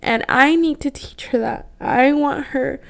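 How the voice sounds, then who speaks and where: A woman's voice: high voice, a little slow, vocal fry, a bit bright. A woman in her thirties, a podcast host, talking candidly and from the heart in a personal monologue, full of fillers. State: voice cracking with emotion.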